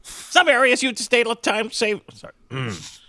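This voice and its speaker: A man's voice: very high voice, wildly swooping pitch, a little slow, vocal fry, bright, forceful tone, dry recording. A man co-hosting a comedy podcast, reading out a written answer with mock patience. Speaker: podcast co-host.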